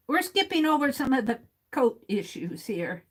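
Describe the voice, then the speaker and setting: A woman hosting a casual livestream, reading viewer comments aloud, chuckling often and thinking out loud. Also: high-pitched, breathy edge, low-quality recording. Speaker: livestream host.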